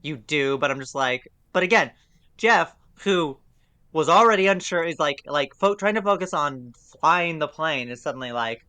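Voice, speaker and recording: A man's voice: fairly high pitch, lively intonation, moderate pace, bright, forceful tone, clear, resonant tone, no room sound. A young man co-hosting a podcast, exasperated and sarcastic, swearing at the story. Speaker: podcast co-host. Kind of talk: casual chat reviewing an audio drama.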